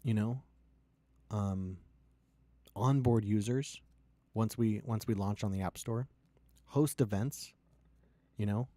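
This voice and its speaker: A startup founder ranting and pitching with heavy swearing, swinging from loud outbursts to low, quiet lines. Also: male voice, takes it slowly, pauses often, dry recording. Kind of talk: impassioned profane rant and pitch.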